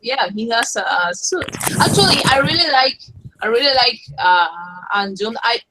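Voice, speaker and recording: A woman in a casual group podcast chat, profane and animated, laughing often. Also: on the high side, normal speed, very noisy. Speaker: podcast panelist.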